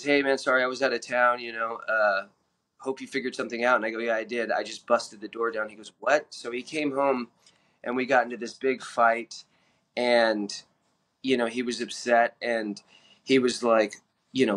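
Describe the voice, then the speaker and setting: Frank man telling his story brightly. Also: mid-range voice. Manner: frank, plain-spoken, many fillers and self-corrections. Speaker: podcast guest sharing recovery story. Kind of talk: candid personal storytelling.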